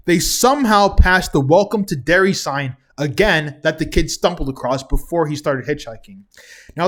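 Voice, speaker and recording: A man's voice: a little high, a bit bright. A young man casually recapping a TV episode, chatty and chuckling often between remarks. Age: young adult. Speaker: TV recap vlogger.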